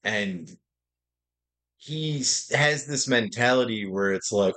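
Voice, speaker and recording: A young man chats casually while streaming a game, rambling through stories and swearing freely. His voice sits a little low. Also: lively intonation, slow, a bit bright. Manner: profane, rambling storytelling. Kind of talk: casual livestream chat while gaming.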